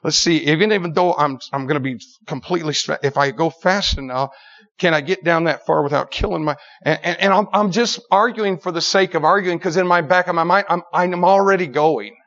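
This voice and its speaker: A middle-aged male preacher tells stories to a church crowd in an animated, emphatic way, stacking repeated words as the tale builds. His voice sits slightly high for a man. The recording is dull and lo-fi. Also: fairly quick. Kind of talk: storytelling sermon.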